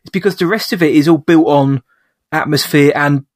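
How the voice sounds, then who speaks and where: Man, fairly high voice, dry close sound, podcast co-host, casual film chat, rambling, restarts sentences, joking. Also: a little fast, no room sound. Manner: rambling, self-correcting, joking.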